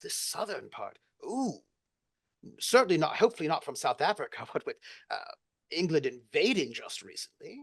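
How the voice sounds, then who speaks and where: A facilitator plays a nosy, snobbish aristocrat who fires off prying questions. The voice swings widely in pitch and stumbles with fussy hesitations. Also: big pitch swings, moderate pace, husky, no room sound. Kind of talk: tabletop role-play in character.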